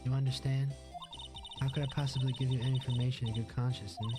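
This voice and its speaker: A man's voice: medium pitch, flat delivery, quick pace, pitched above the performer's own voice, lightly acted. A man playing a snide young woman witness with a put-on Southern lilt. She mocks and teases sweetly, refusing to help, with game music playing behind her. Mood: mocking. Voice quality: mocking, sarcastic.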